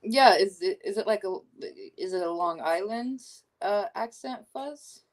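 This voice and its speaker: A woman's voice: medium pitch, measured pace. A young woman casually chatting with a guest on a live stream, reading chat aloud and laughing easily. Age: young adult.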